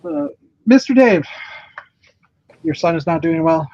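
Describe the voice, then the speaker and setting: A man's voice: a little high, big pitch swings, unhurried, creaky, a little mellow. Hesitant man with muffled sound. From Canada. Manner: hesitant, many fillers. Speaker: podcast co-host. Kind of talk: casual chat.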